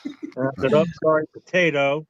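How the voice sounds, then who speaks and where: Bright-voiced man telling crude jokes. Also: a little high, brisk. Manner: joking, profane, rambling storyteller. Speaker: podcast co-host. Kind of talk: casual crude banter. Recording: dull, dry lo-fi audio.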